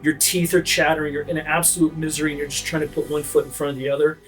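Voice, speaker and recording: Lively man narrating a tabletop game. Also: fairly high pitch, quick pace, faint music behind. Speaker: game master.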